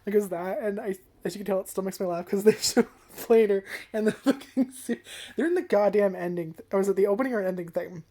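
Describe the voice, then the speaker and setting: A woman's voice: mid-range voice, fast, dark tone. A young woman giving an unscripted, casual anime review, rambling and giggly and swearing freely.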